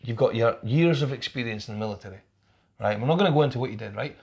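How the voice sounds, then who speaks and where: A man's voice: medium pitch, fast talker, gravelly, darkish tone, dull audio. A middle-aged man, hosting a casual heart-to-heart podcast chat and swearing freely as he encourages his guest. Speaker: podcast host.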